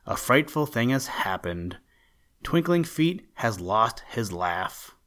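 A man voicing an old, white-haired male pixie fiddler in a storybook, speaking slowly and solemnly. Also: mid-range voice, big pitch swings, a bit bright. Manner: slow, solemn.

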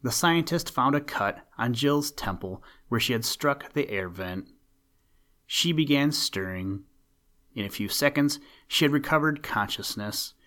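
Man reading a storybook aloud, even and measured, mid pitch. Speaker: narrator.

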